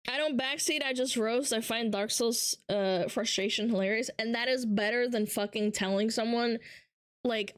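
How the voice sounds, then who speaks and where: A high-pitched woman streamer talks casually to her chat, ranting and swearing as she mocks viewers. Her voice is close and dry, with no room sound around it. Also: normal speed, no echo. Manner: ranting, profane, mocking impressions. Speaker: livestreamer. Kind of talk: casual livestream chat, reacting to chat.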